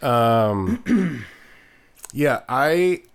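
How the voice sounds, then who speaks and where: A man co-hosting a podcast, talking in a halting, hesitant way, casual chat. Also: mid-range voice, very animated, gravelly, clear, resonant tone. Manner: halting, hesitant, lots of fillers. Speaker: podcast co-host.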